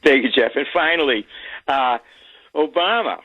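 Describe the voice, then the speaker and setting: A man's voice: medium pitch, lively intonation, normal speed, no room sound. A man calling a talk radio show, rambling with many fillers and sarcastic asides. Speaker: caller. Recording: phone-line call-in audio.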